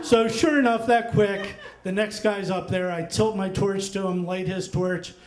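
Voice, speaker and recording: A middle-aged man telling a personal story on stage at a live event, animated and often laughing, with lots of fillers and asides. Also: high-pitched, unhurried, roomy sound, a crowd in the background.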